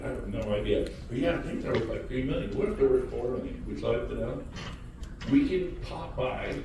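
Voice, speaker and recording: Male motivational speaker, loud and punchy, working a crowd; very echoey hall, distant mic. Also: background noise. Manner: high-energy, shouting and teasing the crowd. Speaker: real estate speaker addressing an audience. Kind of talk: motivational talk to a live audience. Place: large hall with audience.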